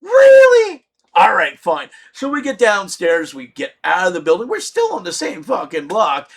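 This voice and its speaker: Animated, high-voiced, swearing middle-aged man. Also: moderate pace, husky. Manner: animated, swearing, shouting punchlines. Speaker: comedic storyteller. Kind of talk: profane comedic storytelling.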